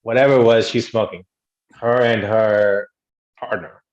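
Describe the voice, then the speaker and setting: A man's voice: on the low side, steady tone, measured pace. A man trading joking, teasing banter as a podcast co-host. His voice is recorded in a roomy space and sounds muffled and dull. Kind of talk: casual chat.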